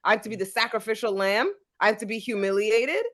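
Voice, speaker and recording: A woman co-hosting a podcast in casual chat, animated and quick to mimic others in high voices, laughing often. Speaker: podcast co-host.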